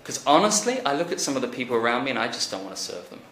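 A man preaching a conversational sermon, animated, rising to emphatic peaks and then dropping quiet. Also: mid-range voice, very fast, slight background noise. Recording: echoey church hall recording.

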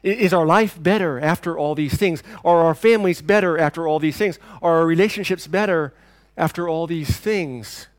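A pastor delivering a sermon, swinging between loud declarations and quiet, intense passages. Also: male voice, a little high, normal speed, dry recording.

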